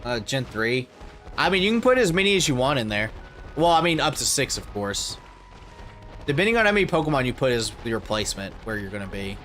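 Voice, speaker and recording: A man chatting casually on a game stream, thinking aloud with lots of fillers and letting his phrases trail off quietly. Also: mid-range voice, very animated, fairly quick, soft background music. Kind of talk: casual gaming livestream chat.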